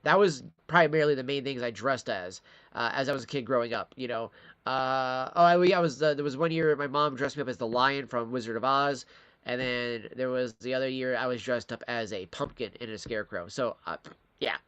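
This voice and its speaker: A man's voice: mid-range voice, brisk, a bit bright, smooth, no room sound. A man from Michigan ranting in a live-stream commentary, profane and rambling, talking straight to his chat. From Michigan, USA.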